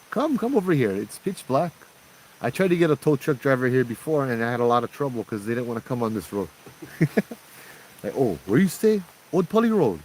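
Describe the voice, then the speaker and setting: A young man with a Hawaiian accent hosts a casual night-time livestream outdoors, joking and chatting as he reads out viewer comments. His voice is fairly low, and the rough recording has a little hiss or hum.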